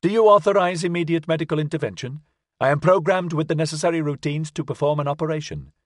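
A man voicing a proud male snake robot with a rapid, piping voice. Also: on the high side, no room sound, studio quality, voice pushed up, lightly acted. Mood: precise.

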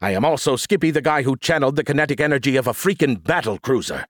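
Guy doing a smug sarcastic alien ai, insults everyone, bouncy pitch. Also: animated, fast talker, no room sound, clean studio sound, close to an everyday voice. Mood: weary. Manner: snarky, insulting, theatrical. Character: arrogant sarcastic male alien AI. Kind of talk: audiobook character voice.

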